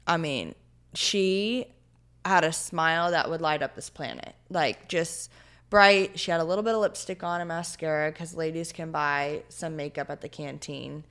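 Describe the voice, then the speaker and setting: A woman's voice: low-pitched, moderate pace, fairly bright tone, clean tone. A woman in her twenties tells a story in a casual interview, earnest and heartfelt, with many "like" and "you know" fillers. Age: 20s. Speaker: podcast guest.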